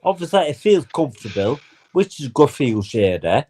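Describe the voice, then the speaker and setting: A man's voice: medium pitch, sing-song, moderate pace, background noise. A man in a casual panel chat on a video call, pushing questions in a blunt, coarse and joking way.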